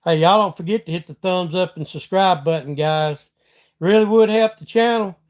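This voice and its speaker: High-voiced Southern man chatting live. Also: moderate pace. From Georgia, US. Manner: folksy, chatty, reads out and answers viewer comments. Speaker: livestream host. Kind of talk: casual live chat.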